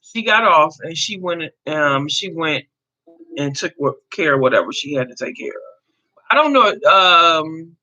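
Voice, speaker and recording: A woman's voice: sits low, lively intonation, unhurried, sharp tone, lo-fi sound. A woman in her fifties hosting a casual live chat, talking to viewers and answering their comments as she goes. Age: 50s. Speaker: livestream host.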